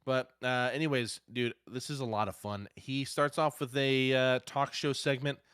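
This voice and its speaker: A man co-hosting a casual wrestling podcast, excitable and profane, his voice swinging between loud bursts and quiet asides. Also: mid-range voice, normal speed, smooth, no room sound, studio quality. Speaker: podcast co-host.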